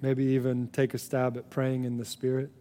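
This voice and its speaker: A man preaching a sermon as a pastor, speaking in an earnest, conversational way with frequent restarts, swinging between emphatic peaks and hushed, low passages. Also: monotone, normal speed, long reverb tail.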